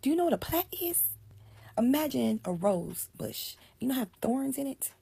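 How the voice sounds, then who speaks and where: A woman retelling a Bible passage in a casual, animated way, explaining as she goes and often dropping to a hushed whisper. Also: sits high, moderate pace, creaky, slightly rough, no room sound. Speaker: Bible storyteller.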